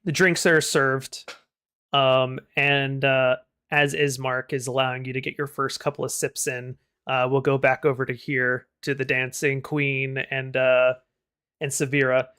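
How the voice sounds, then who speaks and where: Smooth-voiced male game master. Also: medium pitch, little pitch movement, a little slow, sharp tone. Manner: descriptive narration with fillers. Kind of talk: narrating a tabletop game.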